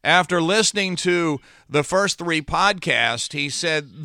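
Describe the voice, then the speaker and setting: A middle-aged man hosting a solo podcast in a trained broadcaster's voice, speaking earnestly and with long dramatic pauses. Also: fairly high pitch, lively intonation, pushed and bright, dry recording. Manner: slow deliberate delivery with dramatic pauses; earnest, heartfelt. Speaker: podcast host.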